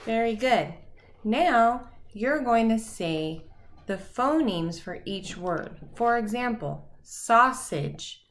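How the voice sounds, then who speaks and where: A woman teacher leading a phonics lesson for young children, saying each word slowly and clearly and praising the listeners. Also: fairly high pitch, lively intonation. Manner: slow, clearly enunciated words with pauses; encouraging, praising.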